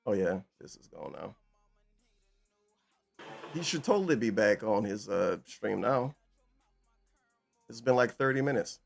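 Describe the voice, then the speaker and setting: A man's voice: fairly low pitch, big pitch swings, unhurried, vocal fry, long pauses, soft background music. A man casually commenting over a stream clip with dry, mocking remarks. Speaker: stream reaction host.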